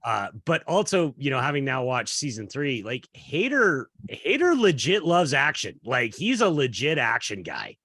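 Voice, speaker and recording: Man, podcast co-host, bright sharp tone, very lively pitch, dry close sound. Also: moderate pace, few pauses, husky, dry recording. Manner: enthusiastic, effusive praise. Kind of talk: casual chat.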